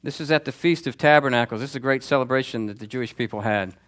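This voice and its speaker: A man's voice: medium pitch, fast, fairly bright tone. A man preaching a sermon as pastor, in a conversational, emphatic style that repeats key phrases.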